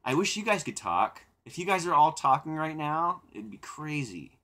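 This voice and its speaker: A man's voice: fairly high pitch, moderate pace. A young man hosting a live stream, chatting casually with viewers in a rambling way, with repeated words and laughter. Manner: reflective and calm when talking about silence. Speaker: livestream host.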